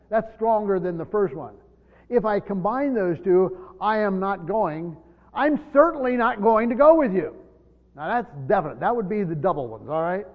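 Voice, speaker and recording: A fairly high-voiced man teaches scripture, talking it through conversationally and restarting phrases as he explains. The recording is dull and lo-fi, with a long reverb trailing his voice. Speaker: Bible teacher. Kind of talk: Bible study teaching.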